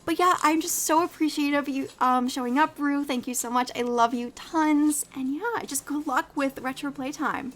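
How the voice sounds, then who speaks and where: A young woman hosting a casual live podcast, effusive and quick to laugh as she asks her guests questions. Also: high-pitched. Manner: warm, effusive, laughs often. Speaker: podcast host.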